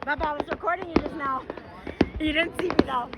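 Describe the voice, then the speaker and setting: A woman's voice: high-pitched, quick pace. A woman vlogging live at an outdoor fireworks show, exclaiming and whooping and calling out to her husband while she films on her phone. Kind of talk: excited live vlog chatter. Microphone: handheld phone camera. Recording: phone audio with loud fireworks behind. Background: fireworks bangs and crowd noise.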